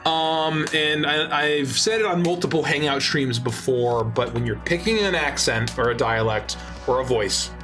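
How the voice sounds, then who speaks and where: A man's voice: on the high side, normal speed, hardly any pauses, a bit bright, faint music behind. Emphatic, explanatory man. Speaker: talk show panelist and game master. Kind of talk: casual talk show chat.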